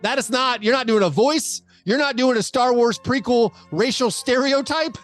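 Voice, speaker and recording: A man's voice: extremely high pitch, moderate pace, faint music behind. A man hosting a podcast in casual chat, rambling along with many fillers and restarts. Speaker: podcast host.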